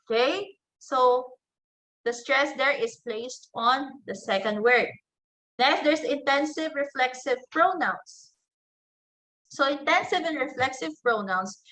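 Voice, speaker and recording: A woman's voice: high voice, pushed and bright, poor audio. A woman teacher giving a lesson, carefully saying example words aloud one by one. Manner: careful, deliberate, models each example word aloud. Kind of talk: slow classroom lecture on word stress.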